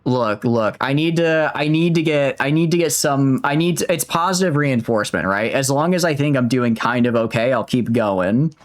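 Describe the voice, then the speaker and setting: A man's voice: mid-range voice, animated, moderate pace, hardly any pauses. A man streaming a video game, chatting casually and rambling in a self-mocking way with many restarts. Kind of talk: casual let's-play commentary.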